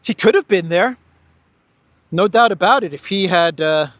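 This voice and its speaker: A man delivers an unscripted political commentary monologue with a fairly high-pitched voice. He talks in animated bursts, often restarting phrases and breaking into incredulous laughter. The sound is dry and close, with no room echo. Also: normal speed. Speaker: host of a political commentary show.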